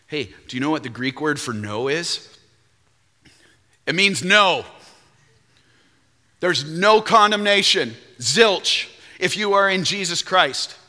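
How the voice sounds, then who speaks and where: A man preaching a sermon as pastor, emphatic and animated, now and then breaking into song. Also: a little high, slow, long pauses, long reverb tail.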